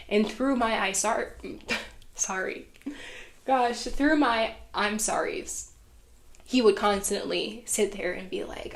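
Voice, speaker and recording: A woman's voice: medium pitch, normal speed. A young woman vlogger telling a personal storytime about a past relationship, candid and emotional, swearing freely. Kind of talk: storytime vlog.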